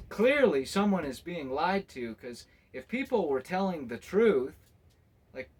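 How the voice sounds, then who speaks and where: Guy with a high voice ranting to camera, rambly, laughs a lot. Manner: exasperated, rambling, laughs often. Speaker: travel vlogger. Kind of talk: casual monologue to camera.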